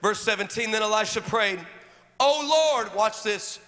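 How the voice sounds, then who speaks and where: High-pitched preacher man yelling repeated lines, bright voice, big echoey church. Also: moderate pace. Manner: shouting, repetitive, call-and-response preaching. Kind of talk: sermon and prayer. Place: church sanctuary. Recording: long reverb of a large hall.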